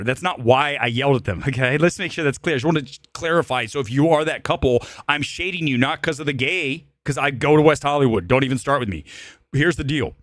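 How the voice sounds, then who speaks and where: Animated, ranting man, lively pitch. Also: no room sound, clean studio sound. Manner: animated, ranting, profane storytelling; jumps into high shouts when worked up. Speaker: host. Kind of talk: live-stream movie talk.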